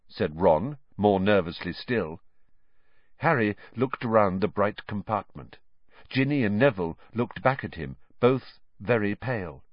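A man's voice: fairly low pitch, animated, moderate pace, no echo, lo-fi sound. A man narrating an audiobook with dramatic, suspenseful storytelling. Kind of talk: scripted narration.

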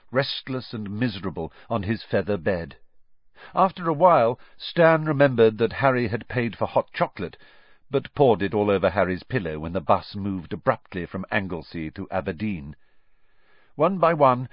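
A man narrating a story aloud in an expressive storytelling manner. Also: fairly low pitch, no echo. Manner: expressive storytelling with lively rises and falls. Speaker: audiobook narrator. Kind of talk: scripted narration. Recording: dull, dry studio recording.

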